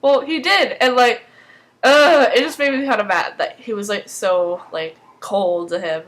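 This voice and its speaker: A woman with a bright, high voice talks through a TV episode in a loose, casual recap. She rambles, trips over her words and stacks up fillers. She turns animated and emotional when reacting to the story. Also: measured pace, low-quality recording. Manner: rambling, filler-heavy, with many restarts; animated and emotional, swinging between excitement and mock dismay. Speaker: fan recap vlogger.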